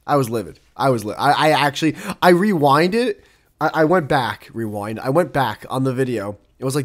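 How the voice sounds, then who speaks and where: A young man hosting a podcast, talking off the cuff in a loose, rambling way. His pitch swings widely as he climbs into exasperated, profane rants and laughs along the way. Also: expressive, normal speed. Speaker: podcast host. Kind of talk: casual solo chat.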